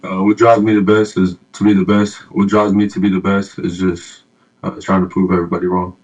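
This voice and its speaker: Flat, low young man with filler-heavy answers. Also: a little fast, highs cut off. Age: young adult. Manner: soft-spoken, many fillers. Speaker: rookie athlete interviewee. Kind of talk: interview answers.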